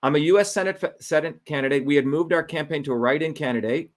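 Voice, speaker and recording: A man's voice: a little high, fast. A middle-aged man, a Senate candidate, telling his story in an indignant, emphatic way and repeating his key points. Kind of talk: impassioned political monologue.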